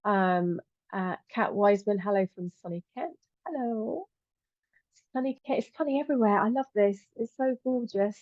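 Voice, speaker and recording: A woman's voice: mid-range voice, moderate pace, dry recording, highs cut off. A middle-aged woman hosting a live stream, chatting affectionately as she greets viewers and calls them "my lovely". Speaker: host and angel teacher.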